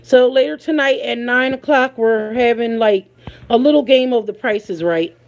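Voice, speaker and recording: A woman's voice: a little high, normal speed, lo-fi sound. Chatty laughing Philadelphia woman livestreaming. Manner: chatty, laughing often, greets viewers by name. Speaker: livestream host. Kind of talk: casual live chat with viewers.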